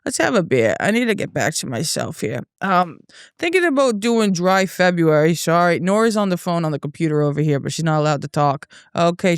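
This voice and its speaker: A young Boston-area woman with a Boston accent and a fairly low, clear, resonant voice hosts a solo podcast in studio quality without echo. A comedian, she rants casually while drinking beer, telling profane, rambling, tipsy stories and restarting often.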